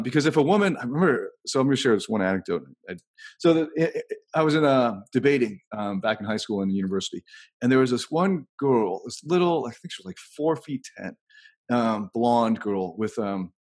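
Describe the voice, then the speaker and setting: Husky-voiced man thinking aloud. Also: medium pitch. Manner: rambling, thinks aloud while telling anecdotes. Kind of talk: casual podcast conversation.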